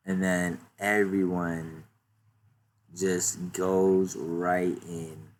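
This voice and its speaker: Low-voiced man doing a casual recap. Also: extremely slow, pauses often, a little hiss or hum. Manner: excited retelling with many fillers. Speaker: YouTuber recapping a manga chapter.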